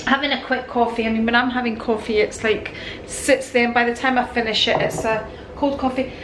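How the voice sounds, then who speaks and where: A woman's voice: fairly high pitch, fairly even intonation, fairly quick, fairly bright tone, a little hiss or hum, low-quality recording. A woman in her fifties chatting casually to camera at home, in a rambling, homely way. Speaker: lifestyle vlogger.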